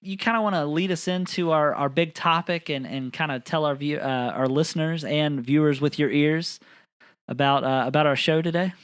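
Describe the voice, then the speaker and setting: A man's voice: a little high, moderate pace, clean tone, dry recording, studio quality. A man hosting a podcast in casual banter, upbeat, steering the talk and laughing often. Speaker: podcast host.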